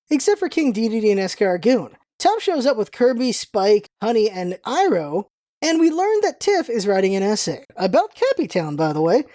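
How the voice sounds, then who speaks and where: A young woman hosting a podcast in a chatty, rambling, excitable way. Her voice is higher than most but mellow and warm in tone. It sits very dry and close, with no room sound around it. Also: no echo. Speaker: podcast host. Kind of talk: casual rewatch podcast commentary.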